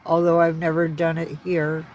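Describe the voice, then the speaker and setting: A woman's voice: low-pitched, monotone, normal speed, darkish tone, highs cut off, a little hiss or hum. A woman on a casual livestream, cooing baby talk to her cats.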